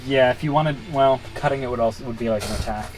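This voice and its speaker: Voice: medium pitch, quick pace, darkish tone, soft background music, poor audio. A game master narrating a tabletop game in an easygoing, hesitant way, with many fillers.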